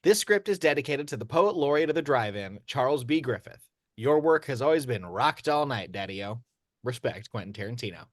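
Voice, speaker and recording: Reading action lines from a screenplay in an amateur audio drama, a man speaks a little fast in a mid-range voice, mostly steady though he sometimes stumbles and restarts. It's a studio-quality recording with no echo.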